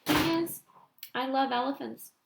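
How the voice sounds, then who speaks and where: A woman voicing a bemused, soft-hearted female police officer in a storybook. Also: sits high, unhurried, gravelly, heavy background noise, voice pushed up, full character voice. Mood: chatty. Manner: bemused, chatty.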